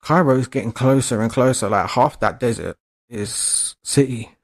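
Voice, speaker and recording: A man's voice: mid-range voice, normal speed. A young man, co-hosting a podcast in casual chat, blunt and profane as he rants about the news. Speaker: podcast co-host.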